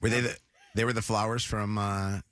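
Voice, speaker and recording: A man's voice: lowish voice, level tone, normal speed, a bit bright, dry recording. A man hosting a morning radio show, joking around and taking callers in casual banter. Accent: Midwestern American. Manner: joking, chatty, takes callers.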